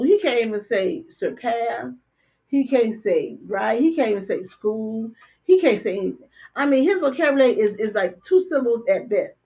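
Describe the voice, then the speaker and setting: An older woman co-hosting a casual talk show, blunt and animated, often stammering and repeating words. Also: fairly high pitch. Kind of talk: casual political chat. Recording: dull lo-fi stream audio.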